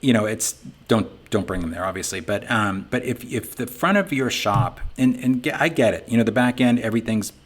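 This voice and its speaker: A middle-aged man with a Boston accent talks his way through a webinar in a folksy, conversational manner. His voice sits a little on the low side. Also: fairly quick. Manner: folksy, conversational, leans on "you know". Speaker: webinar presenter for a sign business software company. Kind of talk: informal webinar talk.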